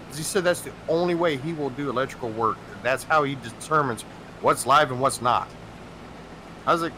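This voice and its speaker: A man telling a long story in casual chat, animated and swearing, acting out the people he quotes. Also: mid-range voice, brisk, a little hiss or hum, poor audio.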